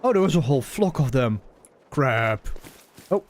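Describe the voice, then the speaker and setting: A man's voice: medium pitch, sing-song, moderate pace. A young man casually commenting on a hunting game while chatting with his viewers, musing aloud in a rambling, conversational way. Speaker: gaming streamer.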